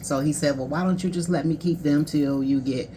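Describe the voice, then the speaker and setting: A life coach in her thirties candidly shares a painful personal story in a casual, conversational and emotional way, quoting other people as she goes. Her voice is deep with a steady, dark tone, she speaks fairly quickly, and there's slight background noise.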